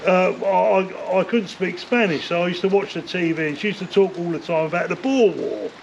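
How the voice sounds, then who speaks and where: This former bare-knuckle fighter, an older man, talks fairly quickly with vocal fry in a voice pitched high for a man. Interviewed in a relaxed storytelling format, he rambles at length, curses freely, and leans on "like" and "you know," all captured on a dull, lo-fi recording with faint noise.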